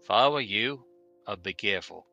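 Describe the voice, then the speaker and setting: A man voicing a gruff, drinking coachman who gives blunt, folksy warnings. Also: fairly low pitch, animated, moderate pace, bright, forceful tone, lo-fi sound, faint music behind, full character voice. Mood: wary.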